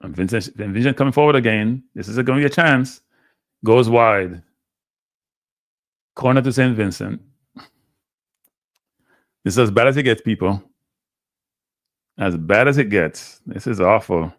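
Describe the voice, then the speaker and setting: A man's voice: fairly low pitch, unhurried, pauses often, no echo, clean studio sound. A man hosting a live watchalong, calling football play-by-play with blunt, frustrated fan commentary. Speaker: watchalong host.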